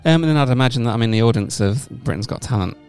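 A man, co-hosting a comedy podcast and rambling through a deadpan, absurd story, with sudden loud shouts now and then. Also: mid-range voice, very fast, soft background music. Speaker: podcast co-host. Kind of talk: casual comedic podcast banter.

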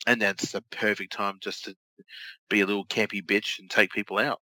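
A man with a very low voice and a sharp, bright edge to it talks in loose, rambling podcast chat. He mocks himself, restarts often and fills gaps with "uh". The sound is close and dry. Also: level tone, fairly quick, no echo, poor audio. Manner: rambling, self-mocking, many fillers and restarts. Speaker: podcast co-host. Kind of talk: casual chat.

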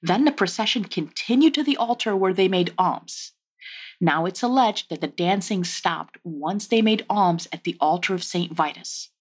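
A woman's voice: lowish voice, normal speed, breathy edge. A woman hosting a casual history podcast, telling the story with wry, joking asides. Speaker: podcast host.

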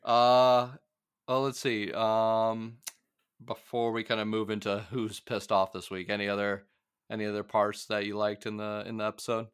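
Podcast co-host, male, relaxed and chatty, smooth low voice, dry close mic. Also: dry recording. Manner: chatty, laughing, quick asides. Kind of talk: casual podcast chat.

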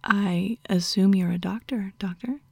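A woman voicing a humble, eager submissive assistant who answers in a soft whisper, as whispered role-play. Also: medium pitch, unhurried, creaky, no echo, clean studio sound. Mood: meek.

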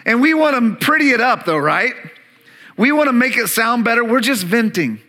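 A man's voice: very high-pitched, lively intonation, normal speed, pushed and bright. A man preaching a sermon as pastor, emphatic and calling on the congregation to repeat words back.

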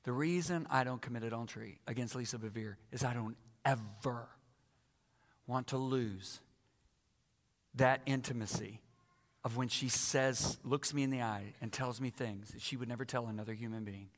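A man's voice: mid-range voice, moderate pace. A man in his sixties preaching a sermon with emphatic, dramatic repetition. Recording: echoey hall.

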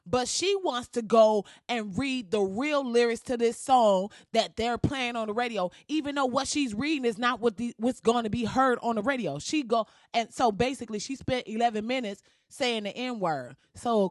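A woman ranting in a blunt, profane and sassy way as she comments on someone else's video, with sudden jumps in pitch. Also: moderate pace, few pauses, dry recording, studio quality. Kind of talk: casual reaction rant.

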